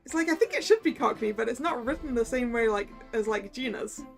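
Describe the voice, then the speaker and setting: A woman's voice: fairly high pitch, lively intonation, a little fast, gravelly, soft background music. A woman streamer chatting and reading game dialogue aloud. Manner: chatty asides. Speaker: let's play streamer.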